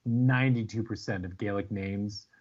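A man from North America, chatting as the guest in an interview, telling animated stories full of fillers. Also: on the low side, moderate pace, dull audio. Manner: animated storyteller, many fillers. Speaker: author guest. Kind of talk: casual interview chat.

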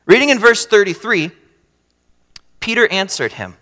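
A man preaching a sermon, swinging between loud emphatic bursts and quiet low asides. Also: animated, normal speed, pauses often. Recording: long hall reverb.

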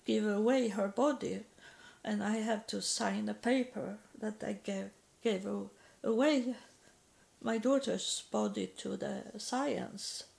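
A woman from Sweden, giving a halting personal testimony in English and often repeating words. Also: mid-range voice, gravelly, a little mellow. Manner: halting, repeats words, non-native grammar.

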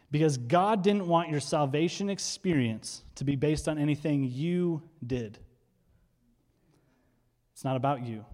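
A man preaching a sermon with high energy, speeding through quick asides and then slowing to stress key words. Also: darkish tone. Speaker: pastor. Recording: hall reverb.

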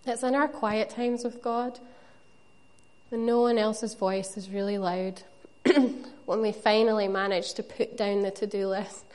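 A woman's voice: mid-range voice, fairly even intonation, a little slow, darkish tone. A woman preaching a sermon, earnest and conversational, with playful asides to the congregation.

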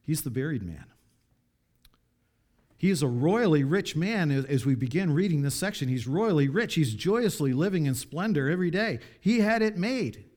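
A man preaching a sermon, reading scripture aloud and commenting, with dramatic swings from hushed pleas to loud appeals. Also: a little high, expressive, moderate pace.

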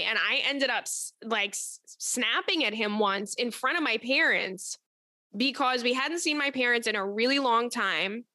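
A young woman hosting an advice show, talking in a blunt, profane, animated way as she tells stories and reads listener letters. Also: a little high, unhurried, no echo, studio quality. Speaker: advice podcast host. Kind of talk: casual advice chat.

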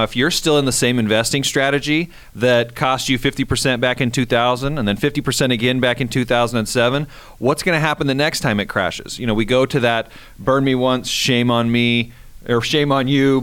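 A man's voice: mid-range voice, normal speed, a bit bright, smooth. A man talking casually on the radio as a trading instructor, chatty and prone to repeating words.

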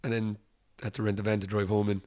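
An interviewed Irish musician talks fast with a fairly low pitch. Telling stories in a loose, lively way, he voices the people involved and keeps laughing.

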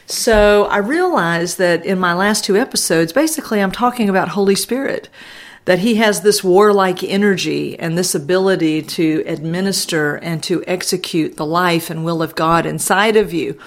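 A woman podcast host giving an earnest devotional teaching, stressing key phrases and slowing down for emphasis. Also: lowish voice. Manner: earnest, emphatic preaching with slowed, drawn-out phrases.

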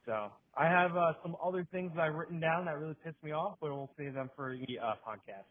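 A man tells crude stories in a casual rant and acts out every character. His voice sits a little high. The audio is thin and tinny, like a phone line. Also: fairly quick. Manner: profane storytelling, acts out the people in his stories. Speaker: segment contributor.

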